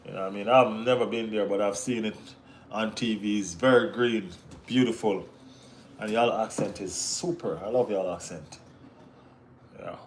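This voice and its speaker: Jamaican man, fairly low voice, streamer reading chat aloud, easygoing banter with playful teasing. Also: normal speed, slight background noise. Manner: laid-back banter with Caribbean slang, bursts of excited teasing. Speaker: football watch-along host. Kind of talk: casual live-stream chat reading viewer comments.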